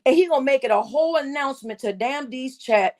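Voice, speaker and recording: A young woman telling a story to her live chat, swearing freely and breaking into loud laughter again and again. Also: sits high, fast. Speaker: live streamer.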